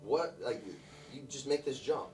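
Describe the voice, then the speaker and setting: A male interviewer asking quiet, measured questions. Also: mid-range voice. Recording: distant off-mic voice over loud music.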